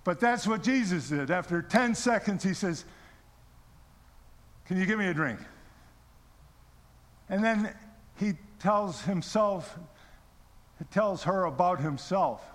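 A man's voice: high voice, lively intonation, slow pace, long pauses, long reverb tail. A middle-aged man preaching a sermon, telling his own story and asking the congregation questions. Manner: storytelling, repeats words, asks the audience questions. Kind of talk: sermon testimony.

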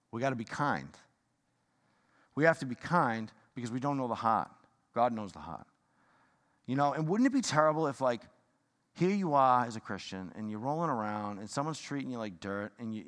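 A man preaching a sermon in a fired-up, rambling way, swinging from loud bursts to hushed talk. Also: lowish voice. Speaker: pastor. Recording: long hall reverb.

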